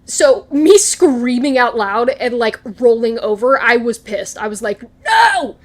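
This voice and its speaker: A young woman with a high, bright voice talks through a TV episode in a casual vlog. She gushes and gets animated, with frequent laughs and casual swearing. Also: unhurried. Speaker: recap vlogger. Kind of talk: casual chat, excited TV recap.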